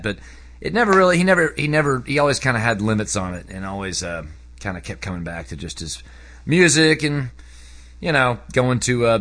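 A man talking casually about a book he read, rambling with lots of fillers, his voice jumping up when he gets excited. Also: lowish voice. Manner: animated, voice jumps up when excited. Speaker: book reviewer. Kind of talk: casual spoken book review.

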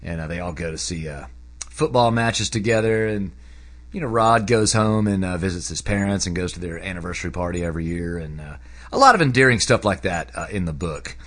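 A man talking casually about a book he read, rambling with lots of fillers, his voice jumping up when he gets excited. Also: sits low, brisk. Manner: animated, voice jumps up when excited. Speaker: book reviewer. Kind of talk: casual spoken book review.

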